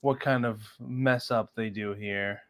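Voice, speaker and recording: A man's voice: fairly low pitch, steady tone, a bit bright. A man co-hosting a podcast, talking through sports numbers analytically, often stopping and restarting his sentences. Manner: analytical, halting with frequent restarts. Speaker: podcast co-host. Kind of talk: casual sports chat.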